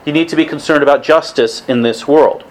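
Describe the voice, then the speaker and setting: A man's voice: on the high side, fairly quick, rough recording. A man giving a conversational religious talk to a weekly evening group, casual in tone, with restarts and asides.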